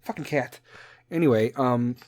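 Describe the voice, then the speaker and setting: In a darkish, medium-pitched voice at normal speed, a Chicago-accented man in his forties rants casually on his podcast, swearing, rambling, and joking as he goes. There's no echo in the recording.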